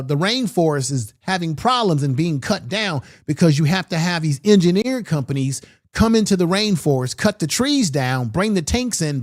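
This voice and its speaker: A man giving opinionated political commentary with emphatic delivery and repeated rhetorical questions. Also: on the high side.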